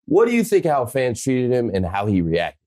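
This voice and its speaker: A male co-host of a sports talk show with a mellow, darker voice that moves up and down a lot in pitch. He is recorded dry in the studio and casually prompts the host with questions. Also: wildly swooping pitch, dry recording. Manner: prompting questions, quick agreeing replies.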